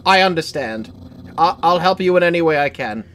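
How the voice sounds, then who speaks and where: A man's voice: on the high side, lively intonation, fairly quick, fairly bright tone, slight background noise, pitched above the performer's own voice. A man voicing a boastful but nervous skeleton guard who stammers eagerly while reading the game dialogue. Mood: flustered.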